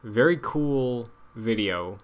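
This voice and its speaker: A man co-hosting a casual gaming podcast, enthusiastic, building up to the ideas he pitches. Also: animated, takes it slowly. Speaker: podcast co-host.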